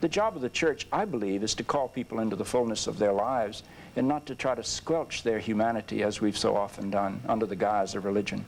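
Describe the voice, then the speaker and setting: A man's voice: fairly low pitch, gravelly, background noise. Earnest male bishop on a panel. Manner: earnest, measured, preacherly. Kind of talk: panel discussion. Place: TV studio.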